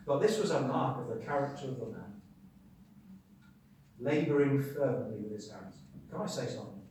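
A man preaching a sermon. He talks emphatically, asks rhetorical questions and swings between loud and quiet. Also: medium pitch, animated, normal speed, far from the mic, slight background noise. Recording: very echoey hall, speaker away from the mic.

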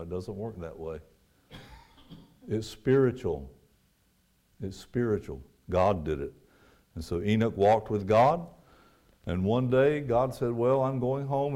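A man preaching a sermon, rising to loud emphatic peaks and dropping to quiet, low asides.

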